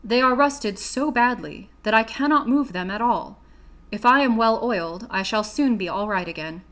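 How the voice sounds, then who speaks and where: A woman's voice: fairly high pitch, expressive, normal speed, a bit bright. A woman voicing a polite, grateful man made of tin who speaks in a sad, courteous way. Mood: plaintive. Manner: mournful, courteous.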